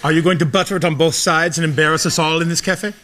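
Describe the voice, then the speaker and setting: A man's voice: a little high, steady tone, fast. A man performing an improvised comic scene, playing a theatrical mock-romance in which he speaks only in questions. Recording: television studio with loud background noise.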